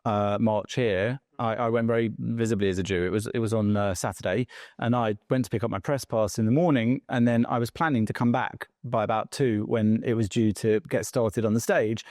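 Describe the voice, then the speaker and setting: A man hosting an interview, speaking in a measured conversational way and sharing anecdotes before asking his questions. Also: fairly low pitch, a little mellow, no room sound, studio quality. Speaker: interview host.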